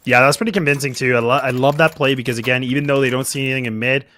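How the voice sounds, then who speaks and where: A man's voice: medium pitch, steady tone, pushed and bright. A man giving analytical color commentary on a competitive shooter match, with lots of fillers and restarts. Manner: quick, analytical, many fillers.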